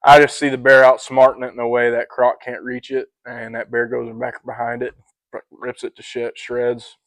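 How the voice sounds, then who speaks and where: A young man co-hosting a podcast in casual chat, telling stories with lots of swearing and throat-clearing. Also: medium pitch, monotone, moderate pace, dry recording, low-quality recording. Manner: profane storytelling, clears throat often. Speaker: podcast co-host.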